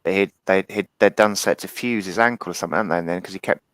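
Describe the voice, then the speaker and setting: A man's voice: low-pitched, fast, fairly bright tone, dry recording. A man co-hosting a casual football podcast, reasoning things through with lots of tag questions. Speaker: podcast co-host.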